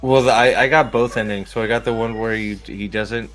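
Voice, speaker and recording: A man with a lowish voice hosts a relaxed livestream, joking around, rambling and swearing freely. He goes from one bit to the next with loose, offhand energy. Faint music plays under his voice. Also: a little fast. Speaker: streamer host. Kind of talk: casual livestream chat.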